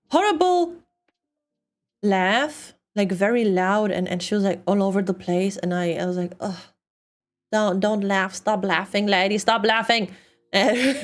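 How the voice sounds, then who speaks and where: A young woman streamer with a non-native English accent chats casually and laughs often while assembling a model kit. Her voice sits at medium pitch with a slightly mellow quality.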